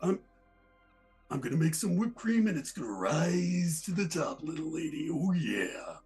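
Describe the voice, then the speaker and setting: A man playing a loud, boastful half-orc pro wrestler with a growling, drawn-out, swaggering delivery. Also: on the high side, very animated, breathy edge, faint music behind, pitched above the performer's own voice, full character voice.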